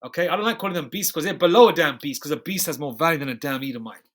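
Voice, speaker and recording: A man preaching over scripture with a somewhat high voice. He reads verses slowly, then drops into emphatic, slang-laced commentary and keeps checking in with "okay?" as he hammers his points home. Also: a bit bright. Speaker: bible teacher. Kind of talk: scripture study sermon.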